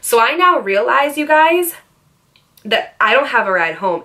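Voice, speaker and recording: A woman vlogger telling a personal story in a chatty, animated way, with lots of fillers and asides. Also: on the high side, a little slow. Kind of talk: storytime vlog.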